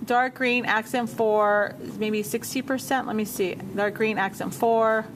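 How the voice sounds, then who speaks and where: A woman teacher walking a class through a software task step by step, repeating menu names as she checks her work. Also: on the high side, fairly even intonation, a little slow, background noise. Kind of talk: software tutorial walkthrough.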